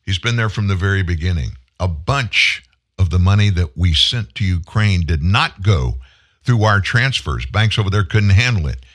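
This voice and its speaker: Casting note: male talk-show host, lively swooping delivery, indignant, rhetorical. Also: low-pitched, moderate pace. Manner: animated, indignant, rhetorical questions. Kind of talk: political commentary.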